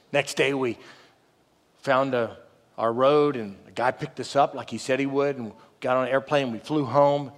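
A middle-aged man preaching a sermon, telling a story in a folksy, humorous way and dropping low and quiet for quoted asides. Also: normal speed, a little hiss or hum. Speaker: pastor. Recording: reverberant hall.

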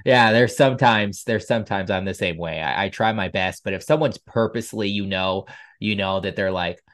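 A man's voice: fairly low pitch, moderate pace, a bit bright. A man hosting a podcast, asking long rambling questions with many hesitations. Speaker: podcast host. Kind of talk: casual podcast interview.

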